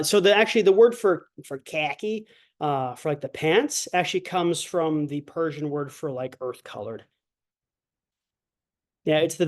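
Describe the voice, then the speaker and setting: A man teaching an online language lecture, chatty and digressive, with many fillers, who acts out sounds to show them. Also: fairly high pitch. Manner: demonstrates sounds by exaggerated voicing. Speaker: language instructor.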